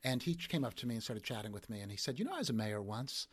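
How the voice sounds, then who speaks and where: A man who is a former mayor, telling stories in animated, emphatic casual talk. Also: medium pitch, fast, breathy edge.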